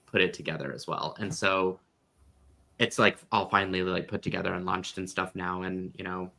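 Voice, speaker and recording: A man co-hosting a casual jewelry-making chat on a video call, relaxed and laughing often, with filler-heavy trailing sentences. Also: sits low, normal speed, vocal fry. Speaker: co-host.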